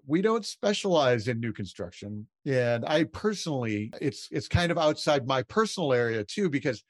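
An easygoing man hosts a podcast interview, speaking conversationally and sometimes restarting his sentences. His voice is mid-pitched and recorded close and dry. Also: sing-song, normal speed, no room sound. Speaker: podcast host. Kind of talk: casual interview hosting.

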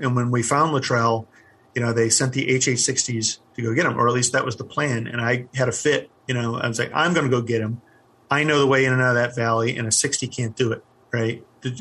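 His voice is medium-pitched, bright and husky with a forceful tone; he's a middle-aged ex-army helicopter pilot recounting his story in an interview. He speaks candidly, haltingly, and fills pauses often.

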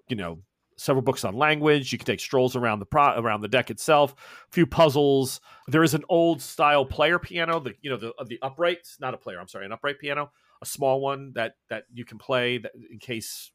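A man's voice: mid-range voice, a bit bright, no room sound, studio quality. A man narrating a tabletop game as game master, rambling with fillers and self-corrections.

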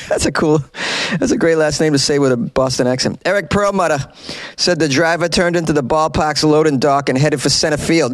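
A man's voice: fairly high pitch, moderate pace, dry recording. A man hosting a casual comedic news commentary, reading headlines and riffing with joking asides.

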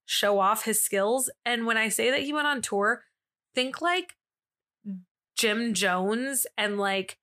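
Chatty young woman with a bright voice. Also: fairly high pitch, expressive, takes it slowly. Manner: chatty, filler-heavy, with frequent asides and laughs. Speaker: podcast host. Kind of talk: casual storytelling podcast.

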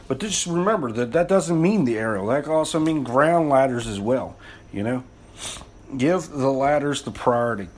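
A man giving an informal talk as a fire service instructor. He is blunt and rambling, and he swears a lot. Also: on the high side. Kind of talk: informal spoken lesson.

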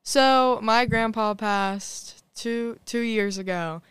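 A woman's voice: on the high side, slow pace, fairly bright tone, smooth, no echo. A young woman, a singer-songwriter guest, talking casually in an interview with frequent "like" fillers.

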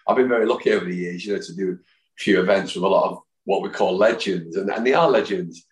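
Recorded in a roomy, echoing space, this Manchester man in his fifties speaks quickly in a low, deep voice. He's a football fan guesting on a podcast, rambling through anecdotes and taking on the voices of the characters in his stories.

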